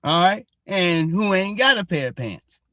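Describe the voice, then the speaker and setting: Heated mocking man, bright tense voice. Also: sits high, expressive, measured pace, no room sound, clean studio sound. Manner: heated and mocking, repeats "all right?" constantly, profane. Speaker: commentary show host. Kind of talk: ranting commentary on social media posts.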